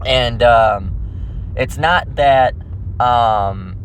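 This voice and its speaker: A man delivers an informal scripture lesson in a rambling, conversational way, tagging nearly every phrase with a quick "all right" or "okay." His voice sits at an ordinary middle pitch, and faint traffic hums in the background. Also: rough recording. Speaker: religious teacher.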